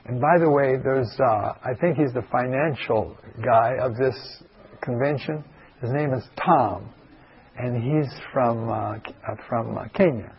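A male pastor with a gravelly, slightly husky voice, spinning a folksy story for an audience. He wanders off into asides and circles back again. The recording is dull and lo-fi. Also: medium pitch, a little slow. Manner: rambling, digressive, full of asides.

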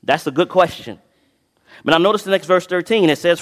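A preacher delivering a sermon who reads scripture with dramatic swells and drops in volume and keeps asking the congregation to fill in the next word. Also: male voice, high voice, brisk. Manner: asks the congregation to fill in words, then answers himself. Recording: long reverb of a large hall.

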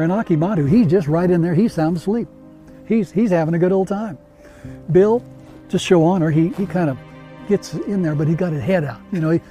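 A man hosting a talk show, telling a story in casual chat with animated, emphatic repetition that builds suspense. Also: on the high side. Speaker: radio show host.

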